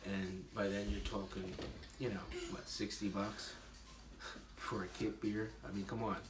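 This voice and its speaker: A man's voice: lowish voice, little pitch movement, unhurried, far from the mic. A man rambling casually as he tastes and reviews his own homebrewed beer, with lots of fillers and self-deprecating asides. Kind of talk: casual tasting vlog. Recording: roomy and noisy, from off the mic.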